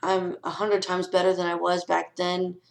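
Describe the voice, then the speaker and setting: A woman's voice: fairly low pitch, completely flat delivery, moderate pace, gravelly, rough recording. A young woman vlogging from home, giving frank, earnest advice with some swearing and a ranting manner. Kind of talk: casual vlog advice talk.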